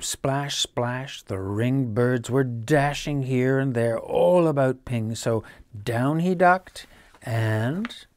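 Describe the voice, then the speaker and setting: A man reading a children's bedtime story aloud, gentle and dropping to a hush at quiet moments. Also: medium pitch, dry recording, clean studio sound.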